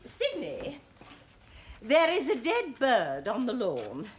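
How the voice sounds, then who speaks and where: A woman's voice: a little high, huge pitch swings, slow, exaggerated voice. An actress playing a bossy, fussy older mother in a studio sitcom, with a sing-song delivery. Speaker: domineering mother. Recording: studio audience laughter. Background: loud audience laughter.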